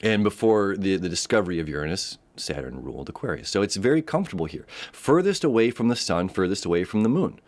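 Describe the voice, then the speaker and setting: A man's voice: low voice, sing-song, fast, few pauses. A man giving a casual spoken astrology forecast, rambling with frequent restarts and acting out quoted voices.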